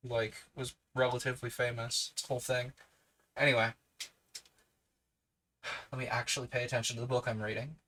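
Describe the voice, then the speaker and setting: A man with a New Zealand accent and a bright, ringing voice reads a classic novel aloud on a livestream. He keeps drifting off the page to chat with his viewers, then settles back into the text. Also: medium pitch, poor audio. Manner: chatty, digresses and answers live chat between passages. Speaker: livestream book reader. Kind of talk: reading a novel aloud with casual chat asides.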